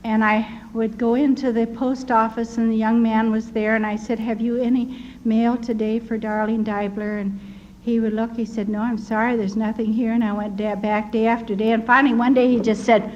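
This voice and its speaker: A woman's voice: on the high side, little pitch movement, normal speed, darkish tone. Older american woman telling her story, tender and earnest, kinda dull old recording. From United States. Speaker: storyteller recounting wartime experiences. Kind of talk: personal testimony. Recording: slightly dull recording with faint hiss.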